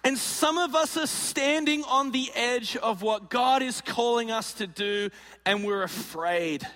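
A man's voice: extremely high pitch, unhurried, fairly bright tone, big-room sound. A man preaching, telling a comic story and acting out the voices of the people in it. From Australia. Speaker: pastor. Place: large auditorium.

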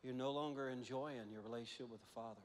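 A pastor preaching a sermon in a church, telling a lively story with frequent laughter, then leading prayer. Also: male voice, mid-range voice, fast. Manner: animated storytelling, laughs often, swings from hushed to loud. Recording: long church reverb.

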